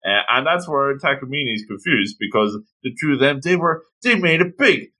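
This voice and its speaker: A man chats casually about an anime as an eager fan, full of exclamations. His voice is bright and forceful, at a middle pitch. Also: very animated, moderate pace. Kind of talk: casual chat discussing an anime.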